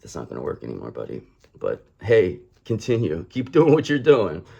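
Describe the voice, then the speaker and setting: A man's voice: sits low, wildly swooping pitch, normal speed, creaky, darkish tone, breathy edge, dull audio. A man giving a casual tarot reading to camera, calling the listener "brother" and repeating his points. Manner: acts out other people in mocking quoted voices. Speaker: tarot reader.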